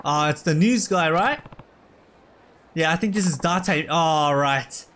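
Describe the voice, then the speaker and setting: A man giving casual, excitable gameplay commentary, full of slang and shouts at the game. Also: fairly high pitch, slow pace, a little hiss or hum. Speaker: let's play gamer. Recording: loud game music underneath. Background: game music.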